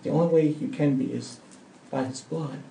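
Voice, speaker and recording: Male pastor preaching, emphatic, slightly high gravelly voice; distant mic in a roomy church. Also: steady tone, moderate pace, a little hiss or hum. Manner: earnest, emphatic, swings between soft and loud. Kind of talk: sermon with closing prayer.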